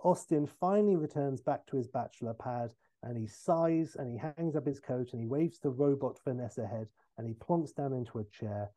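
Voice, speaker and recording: A man, telling a comic film pitch as a podcast host and acting out each scene. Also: warm tone, no room sound. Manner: narrates briskly and jumps into silly voices for characters.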